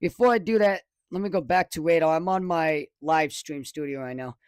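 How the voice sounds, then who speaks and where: A man's voice: fairly high pitch, a little fast, clear, resonant tone, no echo. A man from the casually commenting on a live weather stream from his home studio, rambling and correcting himself as he goes. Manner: rambling, self-correcting, excitable. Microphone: desk microphone, close.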